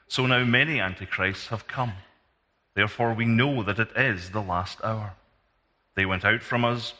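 Scottish male scripture reader, low crisp voice, long church reverb, measured delivery. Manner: steady, measured reading. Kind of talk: reading scripture aloud.

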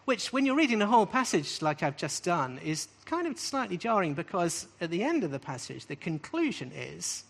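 A man with a slightly high voice preaches to a live group. His delivery is emphatic, and he stresses key phrases by saying them again. He often finishes a point with a questioning "right?". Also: sing-song, normal speed, gravelly, hardly any pauses. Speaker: preacher teaching on scripture. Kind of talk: sermon-style teaching.

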